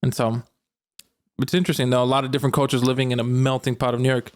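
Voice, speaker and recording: A young man from Arkansas, co-hosting a podcast in a relaxed, slangy chat, laughing often. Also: mid-range voice, quick pace. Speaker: podcast co-host. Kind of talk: casual chat.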